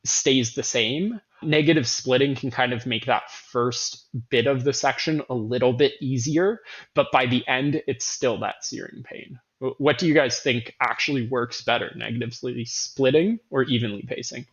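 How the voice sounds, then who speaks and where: A man's voice: medium pitch, normal speed, a bit bright. Male host, casual and earnest, emphatic restarts, slightly muffled recording. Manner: earnest, self-correcting, emphatic repetition. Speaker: running coach host. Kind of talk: casual podcast talk.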